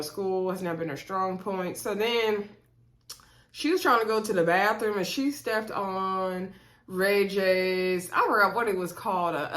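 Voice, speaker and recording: A woman's voice: mid-range voice, fairly bright tone. A woman in her thirties casually recapping a reality show, gossipy, with laughing asides and lots of fillers. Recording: echoey room.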